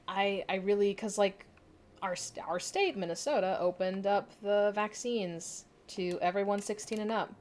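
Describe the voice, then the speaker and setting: Responding to viewer comments on her live stream, this young woman rambles candidly, breaking into laughter and casual swearing. She has a lowish voice, with slight noise in the background.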